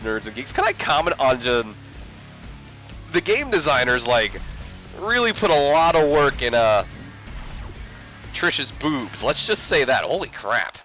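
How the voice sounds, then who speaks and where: A man's voice: mid-range voice, sing-song, unhurried, pauses often, bright, forceful tone, soft background music. A man giving casual video game commentary as a let's play host, rambling and self-mocking with many fillers.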